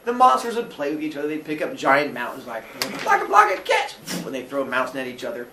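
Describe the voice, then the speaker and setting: A man teaching a class, telling a myth in a comic way and jumping into quick character voices. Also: mid-range voice. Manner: animated, jokey, acts out characters in quick voices. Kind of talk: comic storytelling lesson. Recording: roomy echo from far off with faint noise.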